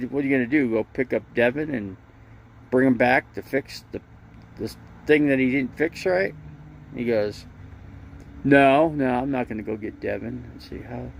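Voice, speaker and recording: A man's voice: medium pitch, gravelly, slight background noise. A man telling rambling, funny stories in a casual livestream, often laughing, stammering and restarting his sentences. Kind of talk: casual storytelling.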